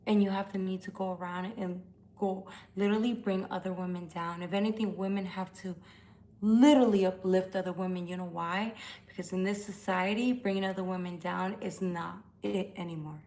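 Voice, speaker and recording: A woman's voice: medium pitch, steady tone, a little fast, a little mellow. A tipsy woman tarot reader talking bluntly and profanely in a casual live-stream chat from home.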